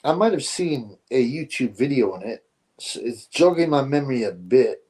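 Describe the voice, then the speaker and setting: Male stream host, relaxed rambling chat delivery. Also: mid-range voice, moderate pace. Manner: rambling, drifts between topics, says "bro" often. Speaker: livestream host reading chat. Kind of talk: casual live-stream chat.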